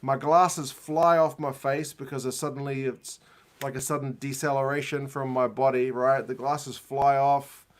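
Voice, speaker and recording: Brief: male rugby host of average pitch spinning a loose, self-deprecating anecdote, chuckling through it. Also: little pitch movement, normal speed. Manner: rambling, self-mocking anecdote with frequent laughs. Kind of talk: casual storytelling during a watch-along.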